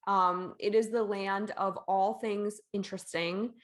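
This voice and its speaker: A woman's voice: mid-range voice, fairly even intonation, measured pace. A young woman hosting an interview, chatty and enthusiastic, swearing casually. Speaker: host. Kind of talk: casual chat.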